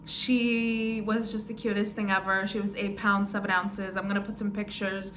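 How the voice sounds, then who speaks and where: A woman's voice: medium pitch, level tone, normal speed, a bit bright, a little hiss or hum. A young woman vlogger casually telling her birth story, rambling with lots of "um" and "like". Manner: rambling, many fillers like "um" and "like". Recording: roomy echo.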